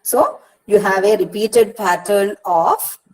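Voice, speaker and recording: A woman's voice: medium pitch, slow pace, low-quality recording. A woman with an Indian English accent, teaching as a university counsellor in an online lecture, patient, repeating words and breaking them into syllables. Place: Kerala, India regional study centre session.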